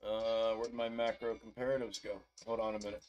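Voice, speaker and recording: A man's voice: lowish voice, level tone, a little fast, a little mellow, muffled recording. A man hosting a stock market livestream in casual chat, laid-back and profane, often chuckling and calling viewers bro. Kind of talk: casual live-stream chat.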